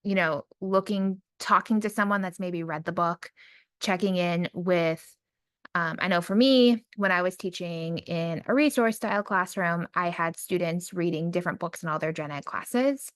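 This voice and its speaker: A woman who works in special education, giving a casual screen-recorded demo lesson and reading her typed prompts aloud slowly. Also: lowish voice, a bit bright, no echo. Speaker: special education teacher trainer.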